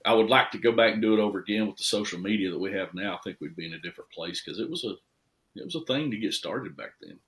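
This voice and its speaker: Folksy shop owner, low-pitched male, animated guest storyteller. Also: fast. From Tennessee. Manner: folksy, animated storyteller with lively swings in loudness. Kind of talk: casual podcast storytelling.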